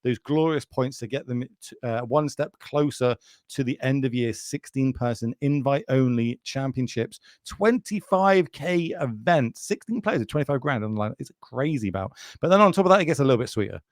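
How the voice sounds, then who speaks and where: A man's voice: medium pitch, animated, normal speed, no room sound, studio quality. A man with a British accent doing chatty, jokey live commentary on a card game and speaking straight to viewers.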